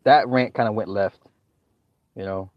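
A man's voice: fairly low pitch, unhurried, no room sound, highs cut off. A middle-aged man hosting a livestream, ranting in a profane, exasperated way and laughing often as he talks. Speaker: livestream host.

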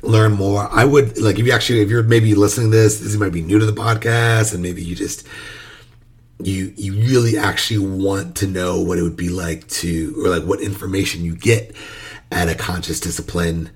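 Low-pitched and steady, with a breathy edge, this man speaks at normal speed as a podcast host who works in early childhood education. His casual monologue about working with young children is loose, full of fillers and restarts.

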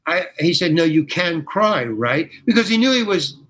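An older American man, a guest actor, tells animated anecdotes as a lively storyteller, acting out quoted voices and often restarting. His voice is on the higher side and moderately paced, in a low-quality recording.

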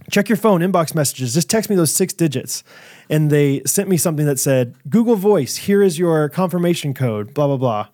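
A man on a casual podcast, telling a story and laughing often as he acts out the lines of the people in it. His voice sits a bit high for a man. He keeps it loose and chatty. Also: animated, normal speed, warm tone, dry recording, studio quality. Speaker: podcast co-host. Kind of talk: casual chat.

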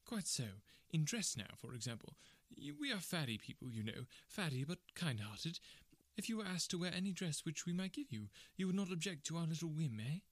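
A man voicing a jovial, pushy middle-aged gentleman who wheedles and insists. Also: a little high, very animated, brisk, no echo. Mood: coaxing.

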